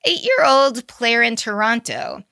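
A woman chats through the news on her podcast, tossing in quick asides and laughing easily. Her voice is bright and slightly high, with a gravelly fry. The sound is dry and close. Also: wildly swooping pitch, no echo. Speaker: podcast co-host. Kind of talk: casual chat about girls' baseball news.

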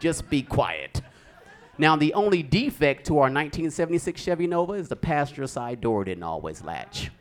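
Lively stand-up comedian man. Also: fairly high pitch, fairly quick, hardly any pauses. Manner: animated storytelling with sound effects and laughs.

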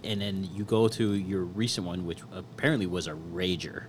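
A man's voice: low-pitched, fairly even intonation, moderate pace, a little hiss or hum. A man hosting a casual interview, asking questions and throwing in jokes. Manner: joking, prompting questions. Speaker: podcast host.

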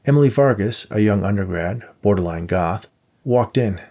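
A man narrating an audiobook in a measured, even way. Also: lowish voice. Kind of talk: scripted narration.

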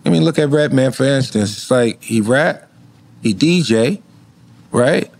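A man's voice: medium pitch, expressive, measured pace, vocal fry, a little mellow. A man chatting as a podcast guest, telling stories in a laid-back, profane way. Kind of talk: casual chat.

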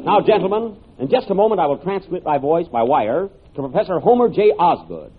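A man's voice: high voice, big pitch swings, fairly quick. A man playing a pompous male inventor in 1930s radio comedy, theatrical and exasperated as his demonstration goes wrong. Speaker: host. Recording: tinny 1930s radio broadcast with hiss.

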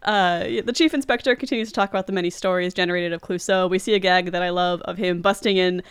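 A woman hosting a podcast, casually recapping a film with frequent giggles and quick asides. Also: fairly low pitch, steady tone, smooth, no room sound, studio quality. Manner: chatty, giggly, recounts scenes with quick asides. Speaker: podcast host.

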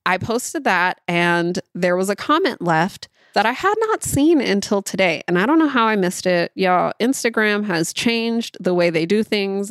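A woman's voice: mid-range voice, dry recording. Chatty woman podcast host, dry sound. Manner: chatty, direct, addresses listeners as y'all. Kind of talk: casual solo podcast talk.

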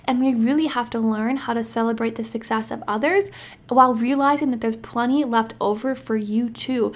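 A woman's voice: on the high side, normal speed. A woman in her twenties hosting a podcast, giving an emphatic, encouraging motivational monologue. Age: 20s. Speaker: podcast host.

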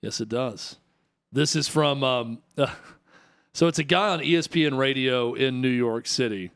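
A man's voice: mid-range voice, normal speed, a bit bright, smooth. A man co-hosting a sports radio show, chatty and amused as he sets up a clip. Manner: chatty, amused, explains context. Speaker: radio co-host. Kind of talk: casual sports talk.

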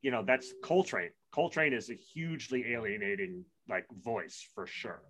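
A man's voice: lowish voice, animated, moderate pace, a bit bright. A man co-hosting a music podcast, arguing his point in a blunt, emphatic way. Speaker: podcast co-host. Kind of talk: casual music chat.

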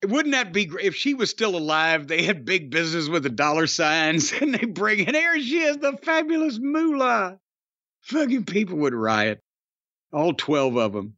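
This podcast host, an older man, chats casually about wrestling, venting with profanity and mocking rhetorical questions. He speaks at a moderate pace in a slightly high, expressive voice with a bright, forceful tone. There's no room sound, and the dry recording comes across a little dull.

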